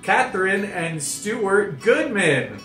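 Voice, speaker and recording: A young man vlogging from home, playful and quick to laugh. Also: sits high, big pitch swings, a bit bright, echoey room, soft background music. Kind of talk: casual chat.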